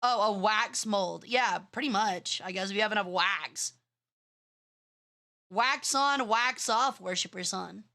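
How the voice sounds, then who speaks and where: A woman's voice: medium pitch, unhurried, sharp tone. A young woman streamer chatting casually and rambling, bratty in tone, swearing freely and using plenty of fillers. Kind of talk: casual live-stream chat.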